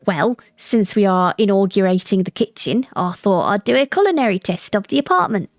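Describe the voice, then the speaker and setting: A woman's voice: mid-range voice, expressive, fairly quick, no room sound, studio quality, soft background music, lightly acted. A woman voicing a joking, easygoing young man friend in a visual novel, teasing and playful.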